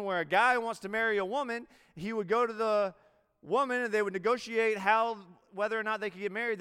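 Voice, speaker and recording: A man's voice: sits high, a bit bright, clear, resonant tone, long reverb tail. A man preaching a sermon as a military chaplain, in a conversational way, acting out quoted dialogue and restarting sentences.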